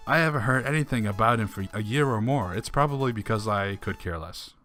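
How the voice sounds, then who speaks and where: A man's voice: fairly low pitch, normal speed, bright, forceful tone. A man reading old forum posts aloud and commenting on them with dry, sarcastic asides and frequent chuckles. Faint music plays behind him. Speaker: online commentator.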